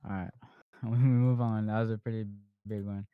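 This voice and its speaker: Man, podcast host, rambling casual chat, smooth voice, slightly dull lo-fi sound. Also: fairly low pitch, fairly even intonation, moderate pace, dry recording. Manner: rambling, full of fillers and restarts.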